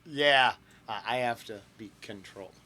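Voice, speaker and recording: Bright-voiced rambling male reaction host. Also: medium pitch, normal speed. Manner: rambling, with fillers and self-corrections. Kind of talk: casual reaction chat.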